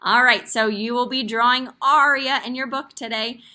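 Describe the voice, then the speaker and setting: A woman teacher leading a young class over a video call, encouraging and expressive as she reads a story aloud. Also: fairly high pitch, moderate pace. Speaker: kindergarten teacher. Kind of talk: online class lesson.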